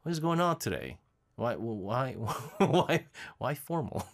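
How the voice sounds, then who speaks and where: Male radio host, middle-aged, animated pitch, chatty and laugh-prone, casual studio banter. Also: slow pace. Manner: chatty, laughs often, many fillers and restarts. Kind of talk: casual live radio chat reading listener messages.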